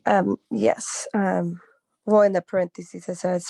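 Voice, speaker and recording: A woman on a video call reading a listing presentation script aloud, steady with small restarts. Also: lowish voice, unhurried, creaky. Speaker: trainee agent reading a script. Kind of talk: role-play script reading.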